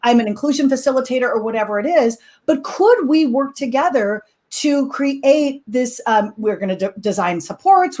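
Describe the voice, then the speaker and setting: A middle-aged woman telling a lively classroom story in a casual talk, with many fillers and quick laughs. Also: a little high. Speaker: co-teaching expert guest.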